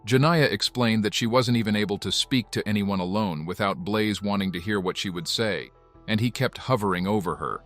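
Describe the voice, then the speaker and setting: A man giving scripted documentary narration in an even, measured way. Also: fairly low pitch, faint music behind.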